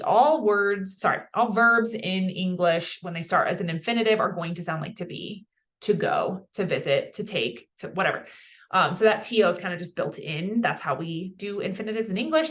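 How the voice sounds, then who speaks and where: A young woman gives a casual beginner lesson, chatty and self-deprecating. Her voice sits at a medium pitch and turns animated as she explains. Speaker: Spanish teacher. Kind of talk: casual online language lesson.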